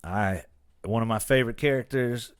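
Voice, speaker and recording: A man hosting a casual podcast, telling stories in an animated way and acting out the quotes. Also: medium pitch, moderate pace, smooth, no room sound, clean studio sound. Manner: animated storyteller, acts out quotes. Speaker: podcast host. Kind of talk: casual chat.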